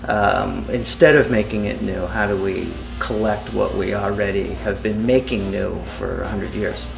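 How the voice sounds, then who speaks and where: A man with a gravelly voice thinks aloud on a panel, full of hesitations and fillers. His voice is on the low side. The room echoes around him. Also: steady tone, unhurried, over loud music. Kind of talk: discussion talk. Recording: echoey room, faint noise.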